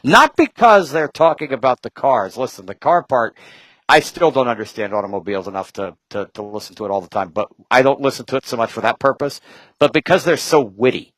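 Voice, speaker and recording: A man talking as a guest in casual chat, rambling from point to point with quick asides and jokes. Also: medium pitch, animated, a bit bright, no room sound, rough recording.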